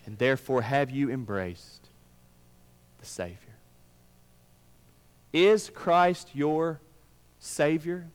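Brief: male pastor, slightly high voice, dynamic sermon delivery, long church reverb. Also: expressive, slow pace, smooth. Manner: dynamic preaching, swinging from emphatic to hushed. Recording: long reverb of a large room.

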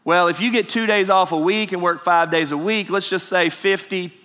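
Preacher in a reverberant hall. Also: male voice, high voice, steady tone, normal speed, sharp tone. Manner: conversational preaching, asks the congregation questions, restarts words. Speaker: pastor. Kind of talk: sermon.

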